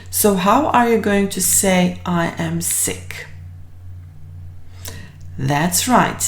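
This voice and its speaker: Slow, encouraging woman teaching German. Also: medium pitch, expressive. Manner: drills words slowly and repeats them, encouraging. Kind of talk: slow, deliberate language lesson. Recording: roomy, echoey room.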